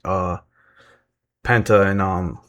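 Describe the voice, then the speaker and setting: A man's voice: deep voice, steady tone, slow, fairly bright tone. A man casually recapping a wrestling show, rambling with lots of fillers, chuckling and joking about himself. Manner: rambling, self-deprecating, many fillers and chuckles.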